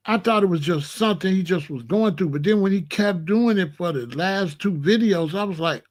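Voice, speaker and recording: A man's voice: high-pitched, animated, normal speed. A man hosting a live reaction stream, talking casually to his chat, repeating himself and tossing questions to the audience. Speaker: commentary channel host.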